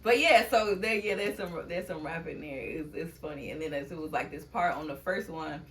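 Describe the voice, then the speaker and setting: Woman w aave telling stories in an interview, laughs a lot, kinda low voice, faint hiss. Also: normal speed, a bit bright. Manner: chatty storyteller, laughs often, acts out quotes. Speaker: poet and guest. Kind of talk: casual interview chat.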